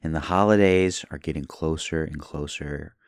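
Deep-voiced young man rambling casually. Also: normal speed, smooth, dry recording, clean studio sound. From Kentucky, USA. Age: young adult. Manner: rambling, tangent-hopping, lots of "like". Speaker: podcast host. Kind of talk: casual solo podcast chat.

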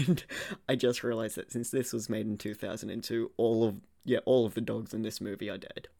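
A man's voice: lowish voice, fairly even intonation, fairly quick, vocal fry. A young man co-hosting a casual film-review chat, laughing and ranting with a lot of swearing. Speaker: podcast co-host.

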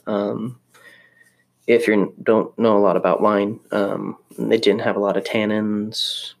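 Young guy rambling on his vlog, kinda low voice, keeps restarting and poking fun at himself. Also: little pitch movement, takes it slowly, vocal fry. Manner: rambling, self-deprecating, many restarts. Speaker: vlogger living in Japan. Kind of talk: casual chat to camera.

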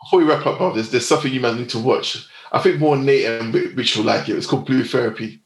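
A man co-hosts a podcast in an eager, excitable way. He talks very fast, and his voice carries a roomy, echoey sound. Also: mid-range voice. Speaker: podcast co-host. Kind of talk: casual chat.

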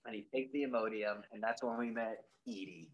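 A man co-hosting a podcast, casually recapping a movie in a rambling, profane way and acting out lines in high voices. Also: a little fast, lo-fi sound. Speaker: podcast co-host.

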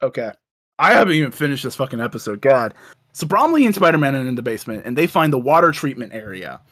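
A man's voice: mid-range voice, very animated, fast, a bit bright. A man co-hosting a casual chat, animatedly retelling a cartoon with lots of swearing. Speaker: podcast co-host.

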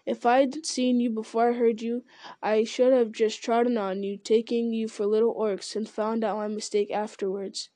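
A woman voicing an ancient, giant male tree creature who speaks slowly and solemnly, murmuring and humming as he thinks. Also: on the high side, flat delivery, mellow, no room sound, lightly acted. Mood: ponderous. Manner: slow, deliberate, murmuring with hums.

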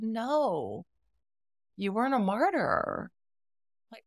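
This middle-aged therapist, a guest in a podcast conversation, has a lowish, somewhat bright, sing-song voice; she talks slowly and pauses often. She acts out quoted dialogue as she expressively tells stories, in clean studio sound with no echo.

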